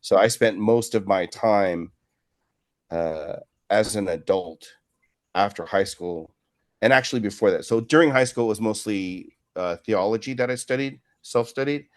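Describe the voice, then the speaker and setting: A man's voice: on the low side, a little slow. A man in his fifties, a martial arts instructor telling long, rambling stories in an interview and often adding "right?" to what he says. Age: 50s. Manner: rambling, with frequent "right?" tag questions. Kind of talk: casual storytelling in an interview.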